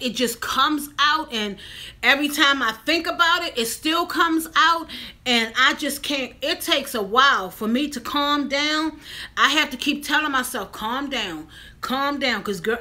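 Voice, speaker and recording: Bright, high-voiced woman vlogger, slow talk. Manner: animated, talks straight to viewers, emphatic. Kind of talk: casual mukbang chat to viewers.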